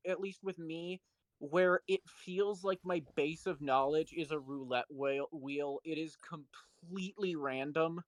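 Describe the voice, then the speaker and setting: A man with a fairly high voice, chatting casually over a voice call from home. He talks quickly and pokes fun at himself. The sound is close and dry. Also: dry recording. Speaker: voice actor for the story reading. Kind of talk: casual chat.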